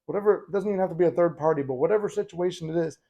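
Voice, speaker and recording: A man's voice: on the high side, racing, gravelly, dark tone. A man hosting a casual motivational talk, speaking conversationally and bluntly with the odd swear. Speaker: host.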